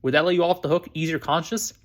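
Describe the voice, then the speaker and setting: A man's voice: on the high side, steady tone, fast talker, lightly acted. A man reading as a guarded, wary woman. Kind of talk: read-aloud novel dialogue.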